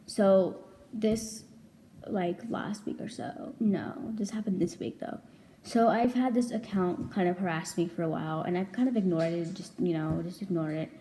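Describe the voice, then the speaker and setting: In a mellow, low-leaning voice with a steady tone and normal speed, a young woman rambles through a chatty storytime vlog, leaning heavily on "like" and casual swearing. There's a little hiss or hum in the audio.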